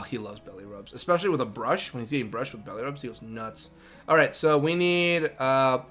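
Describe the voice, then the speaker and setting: A man streaming a game live, chatting excitedly, laughing often and talking to his dog. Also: medium pitch.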